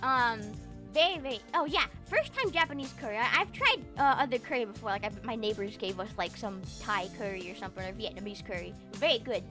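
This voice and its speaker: A young woman streamer chatting casually on stream, animated and profane, rambling with lots of fillers. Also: on the high side, brisk, music in the background. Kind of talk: casual livestream chat.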